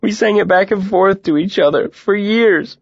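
A man's voice: sits high, breathy edge, no echo, muffled recording, pitched above the performer's own voice. A man voicing a choked, grieving boy. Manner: choked, tearful, rushed. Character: grieving boy pouring out his loss.

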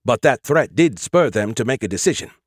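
Smug know-it-all AI, put on by a male audiobook narrator: condescending, animated, bone-dry read. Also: medium pitch, a little fast, breathy edge, no echo. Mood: explaining. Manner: condescending, lecturing. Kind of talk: audiobook character voice.

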